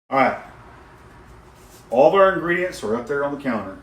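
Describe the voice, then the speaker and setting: A man's voice: a little high, animated, brisk, long pauses, a bit bright, slight background noise. Folksy man in his fifties. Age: 50s. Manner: folksy, joking, hearty. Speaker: host of a barbecue cooking video. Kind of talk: casual cooking vlog. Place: outdoors at a grill.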